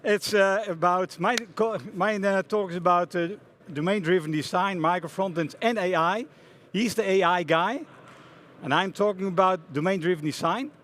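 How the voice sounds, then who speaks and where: A middle-aged man with a Dutch accent speaks from a conference stage. His voice sits somewhat high for a man. He tells his story in an animated way, stopping often to restart his sentences. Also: normal speed. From Netherlands. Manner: animated, many hesitations and restarts. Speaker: conference speaker, front-end architect.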